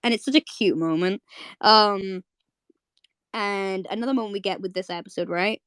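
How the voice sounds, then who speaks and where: A young woman hosting a live audio chat on a home mic, rambling in quick bursts with lots of fillers and repeats. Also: mid-range voice, a bit bright, clear, resonant tone, no room sound, studio quality. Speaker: host of a live audio space. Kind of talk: casual live chat to listeners.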